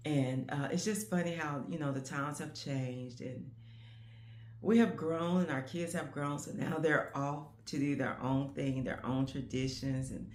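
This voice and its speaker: Speaking at a measured pace in a low, steady voice, this woman vlogger in her fifties muses on changing times as a grandmother. Her talk to camera is casual and rambling, sprinkled with "you know what I'm saying." Slight background noise can be heard.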